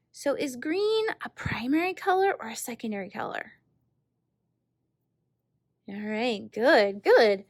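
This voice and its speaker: A woman teaching an art lesson to children, gentle and encouraging, asking the class questions and dropping to a whisper while she paints. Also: medium pitch, no echo, clean studio sound.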